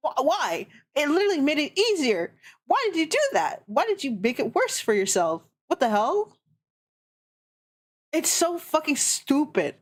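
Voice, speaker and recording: A woman's voice: high-pitched, sing-song, a little slow. Swearing woman ranting. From Canada. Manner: ranting, heavy swearing, exasperated. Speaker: streamer. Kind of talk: casual chat.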